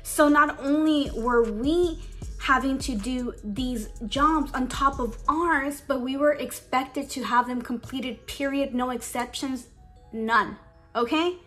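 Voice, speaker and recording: A woman's voice: high-pitched, slow, a bit bright, faint music behind. Tearful young woman venting casually. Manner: emotional, holding back tears; casual, says "like" a lot. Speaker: beauty vlogger. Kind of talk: get-ready-with-me storytime.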